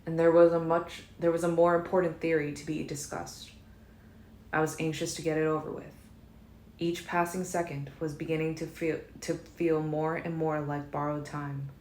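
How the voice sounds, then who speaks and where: A woman narrating a fan-made audiobook in a calm, measured first-person reading. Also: sits low. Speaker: audiobook reader. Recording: roomy echo, faint noise.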